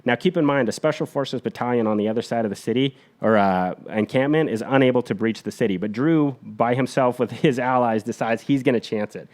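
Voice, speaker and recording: A man on a podcast retelling a war story in an energetic, blunt, profane way. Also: medium pitch, a little fast, few pauses.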